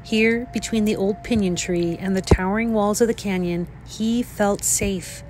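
A woman, a teacher, reading a children's picture book aloud in a clear, expressive way. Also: medium pitch, normal speed, noisy background. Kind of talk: read-aloud storybook narration.

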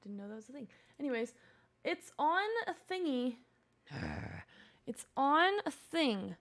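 Chatty woman streamer, high and gravelly. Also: lively intonation, a little slow, fairly bright tone. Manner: chatty, talks to game characters and chat, frequent laughs. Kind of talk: casual gameplay commentary.

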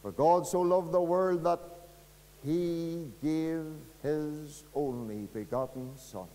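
A man with a Northern Irish accent preaching an evangelistic sermon, earnest and pleading, dropping to a hush and rising again. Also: on the high side, slow. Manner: earnest, pleading, dramatic swings from loud to hushed. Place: church. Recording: long reverb of a church hall.

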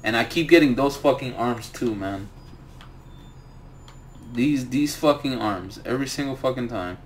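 A young man commentating his own game stream at an unhurried pace, his voice sitting at an ordinary middle pitch. He swears freely and rants about the items the game keeps handing him. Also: a little hiss or hum. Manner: profane, ranting about loot drops. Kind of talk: live gaming commentary.

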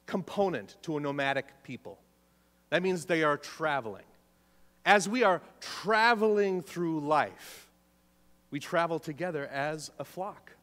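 A man's voice: high-pitched, fairly bright tone. A man preaching a sermon as pastor in a church, emphatic, repeating key phrases and putting questions to the congregation. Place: church sanctuary. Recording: long church reverb.

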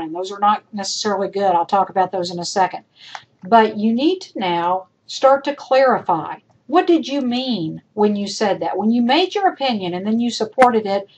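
A woman's voice: medium pitch, rough recording. A woman instructor recording spoken feedback for her students, emphatic and repetitive, calling them folks as she works through points. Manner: emphatic, repeats points, addresses class as folks. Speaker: college instructor.

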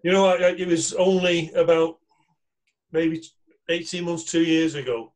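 A man's voice: fairly high pitch, steady tone, moderate pace. A middle-aged man hosting a casual online session, talking in a rambling, hesitant way with many fillers and restarts. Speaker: session host. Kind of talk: casual chat on a video call.

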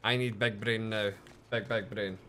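A man's voice: on the low side, a little slow. Man, game streamer, casual commentary, swears often, faint background noise. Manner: lively, swears often, chatty with viewers.

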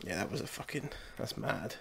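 Lively low-voiced man, chatty. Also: a little fast, vocal fry, breathy edge. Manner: chatty, swears, says "innit" and "bro". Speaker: podcast co-host. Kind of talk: casual chat.

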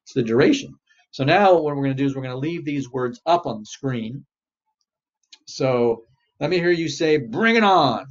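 A man's voice: mid-range voice, moderate pace, darkish tone. A man, a therapist, leading an exposure exercise in a webinar and coaching participants in an encouraging way. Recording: dull lo-fi webinar audio.

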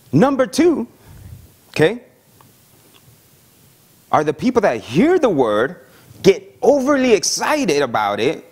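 A male pastor preaching in a relaxed, conversational way, his fairly high voice swinging widely up and down. He keeps checking in with his listeners and acts out the voices of eager young believers as he explains. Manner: animated, conversational preaching with frequent "okay?" and "watch this". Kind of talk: sermon.

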